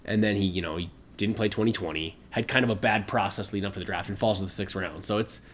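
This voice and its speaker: A man's voice: lowish voice, fairly even intonation, fast talker, a bit bright. A man co-hosting a podcast, talking casually about sports with a lot of fillers and restarts. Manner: rambling, conversational, many fillers. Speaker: podcast co-host.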